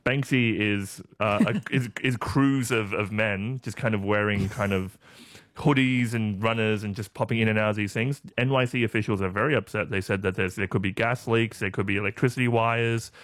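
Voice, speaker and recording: A man with a lower voice co-hosting a casual chat show. He rambles along, full of fillers, and slips in deadpan jokes. The sound is dry and close. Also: moderate pace, no echo. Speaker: co-host.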